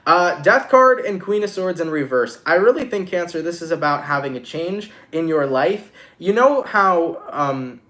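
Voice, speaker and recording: A man's voice: a little high, moderate pace, hardly any pauses. Casual, swearing male tarot reader. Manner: casual, expressive, swears freely. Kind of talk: live-streamed tarot reading.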